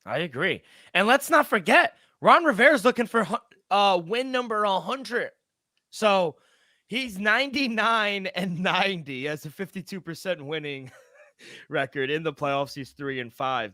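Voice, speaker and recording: A man's voice: high-pitched, lively intonation, measured pace, pushed and bright, no echo, clean studio sound. A man co-hosting a sports betting podcast, reading out lines and odds and chiming in to agree with his partner. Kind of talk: casual sports betting chat.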